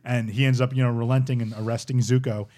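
A man's voice: mid-range voice, level tone, fast talker, dark tone. A man in his forties hosting a casual chat and eagerly retelling cartoon plots.

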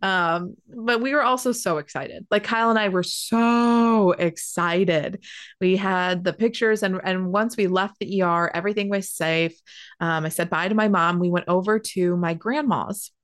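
A young woman telling a personal story in a casual, animated way, full of "like" and quick asides. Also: medium pitch, clear, resonant tone. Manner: animated, chatty, heavy use of "like".

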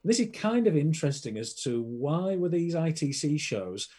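Rambling man, mellow husky voice. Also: fairly high pitch, sing-song, moderate pace. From Britain. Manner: enthusiastic, rambling with fillers. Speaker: podcast guest, film collector. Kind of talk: casual chat.

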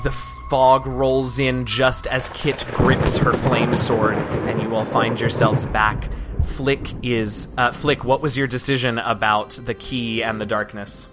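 A man's voice: medium pitch, level tone, slow pace, over loud music. A man narrating as game master of a tabletop game, describing scenes with some hesitant restarts.

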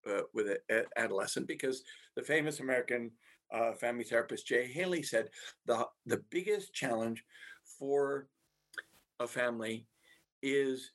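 A husky-voiced man gives a talk to parents as a family therapist. He speaks at a middling pitch and stops and restarts often. He fills the pauses with "uh" and tells stories from his practice. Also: a bit bright. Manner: halting, many filler restarts, tells anecdotes.

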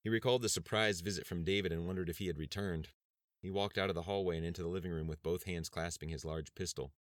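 A man narrating an audiobook chapter in a steady, measured reading style. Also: deep voice, no echo, studio quality. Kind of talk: scripted narration.

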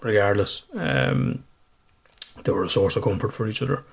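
Guy on a podcast, lowish voice, rambles on and swears a lot, just chatting. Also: normal speed, creaky, slightly rough. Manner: candid, rambling, swears freely. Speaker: podcast host. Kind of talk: casual chat.

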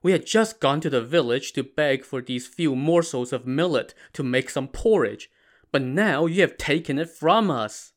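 Man playing feeble old monks, hungry and pleading, soft and tired. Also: on the high side, animated, normal speed, close to an everyday voice. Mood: complaining. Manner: pleading, weary. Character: starving frightened old male monks.

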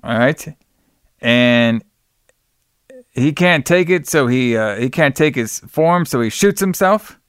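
Male podcast host, smooth clear voice, dry close sound, loose chatty plot recap. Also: medium pitch, lively intonation, slow, long pauses, a bit bright, no echo. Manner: loose retelling, acts out quotes in plain voice, calls cohost brother. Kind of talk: casual movie recap chat.

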